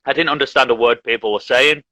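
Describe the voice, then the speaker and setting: Bright-voiced man, chatty teacher. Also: mid-range voice, fast talker, no room sound, rough recording. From Leeds, England. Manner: relaxed, chatty, laughs often. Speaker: English teacher, host. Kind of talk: casual live-stream chat. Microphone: video call.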